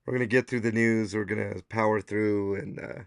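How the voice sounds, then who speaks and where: A man hosting a casual podcast livestream, hoarse and losing his voice, rambling with lots of fillers. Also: on the low side, steady tone, brisk, dry recording, clean studio sound. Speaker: podcast host.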